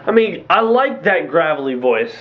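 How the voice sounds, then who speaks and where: Excitable rambling young guy, lo-fi audio. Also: a little high, normal speed. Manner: rambling, excitable, lots of fillers and restarts. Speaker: movie reviewer. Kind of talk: casual spoken movie review. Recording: dull lo-fi home recording.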